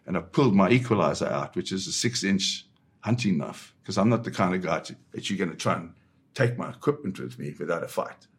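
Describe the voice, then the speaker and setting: A man's voice: low voice, lively intonation, brisk. A man, a photojournalist guest, telling a dramatic first-person story in a vivid way. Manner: vivid storyteller who slips into quoting voices.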